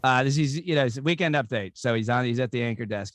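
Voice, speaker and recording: A man's voice: mid-range voice, quick pace, few pauses, no room sound, clean studio sound. A man, a comedian and radio host, talking in casual banter with rambling, self-interrupting sentences.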